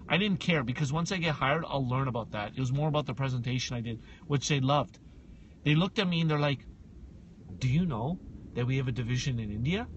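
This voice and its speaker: A man co-hosting a casual podcast, telling a story with lots of energy, acting out both sides of the talk and sometimes breaking into shouts. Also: medium pitch, highs cut off, slight background noise. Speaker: podcast co-host.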